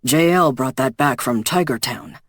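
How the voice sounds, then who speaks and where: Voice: mid-range voice, moderate pace, fairly bright tone, no echo, lightly acted. A wary, dry-humored male vampire, put on by an audiobook narrator. He speaks plainly, with a grumble. The recording is close and dry. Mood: matter-of-fact. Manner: grumbling, matter-of-fact.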